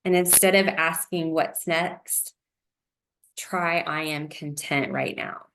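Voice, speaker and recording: A woman with a somewhat low voice leads a wellness lesson. She speaks in a gentle, encouraging way, often pausing on an "um" before going on. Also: fairly even intonation, gravelly. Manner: gentle, encouraging, uses fillers like um. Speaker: presenter.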